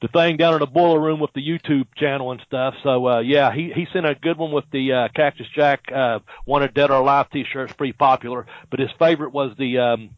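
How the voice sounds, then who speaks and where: A man hosts a casual podcast chat, rambling through fillers and restarts. His voice sits at a middle pitch. The sound is dry and close, with no room echo. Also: steady tone, brisk, hardly any pauses. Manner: rambling, lots of fillers and restarts, laughs easily. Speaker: podcast host.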